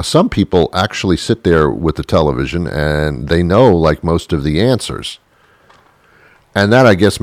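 A man's voice: a bass voice, no room sound, studio quality. A man hosting his own show, delivering a rambling, sarcastic comedic monologue and laughing at his own jokes. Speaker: show host.

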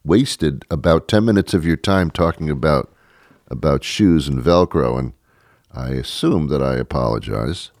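A man's voice: a bass voice, a little slow, a little mellow, dry recording, clean studio sound. A man hosting a podcast, talking in a rambling, sarcastic comedic monologue that often stops and restarts. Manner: rambling, self-interrupting, sarcastic. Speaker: podcast host.

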